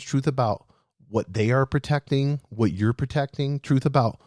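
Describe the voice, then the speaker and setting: A man hosting a leadership show, speaking straight to his listeners in a lively, animated way. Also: medium pitch, no room sound, clean studio sound. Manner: animated, addresses listeners as "guys". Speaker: podcast host.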